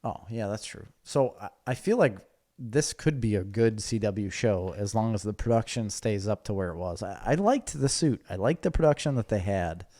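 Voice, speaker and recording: A man co-hosting a casual podcast chat, argumentative and quick to laugh. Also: lowish voice, expressive, dark tone. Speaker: podcast co-host.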